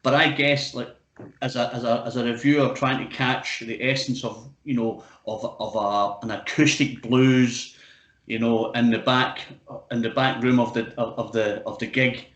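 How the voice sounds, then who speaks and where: A man interviewing a band over a video call in casual chat, laughing loudly and swearing freely. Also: medium pitch, fairly even intonation, normal speed, reverberant, low-quality recording.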